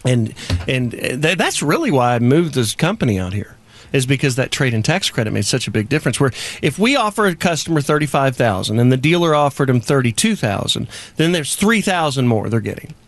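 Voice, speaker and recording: A man with a Texan accent, a guest on a studio chat show, telling jokey stories in a drawling, animated way. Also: medium pitch, fairly quick, dry recording. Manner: animated storyteller, drawling and joking.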